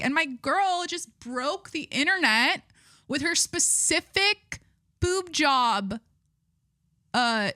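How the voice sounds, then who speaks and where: Her voice sits high, pushed and bright, in a dry studio-quality recording. The young adult podcast host keeps the chat casual, rambling and candid, restarting often, using many fillers, gushing and swearing casually.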